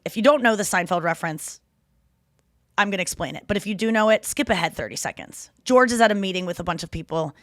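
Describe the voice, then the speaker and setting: Clean studio audio with no echo carries this mid-range voice of a woman in her thirties, a comedian hosting a podcast. In casual chat she's animated and profane, mimicking people in mocking put-on voices and often restarting sentences or saying "like."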